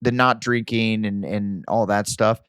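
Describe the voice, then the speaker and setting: A man co-hosting a podcast, telling stories in casual chat, animated and swearing as he acts out his parents. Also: lowish voice, a little slow, smooth, dry recording, studio quality. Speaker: podcast co-host.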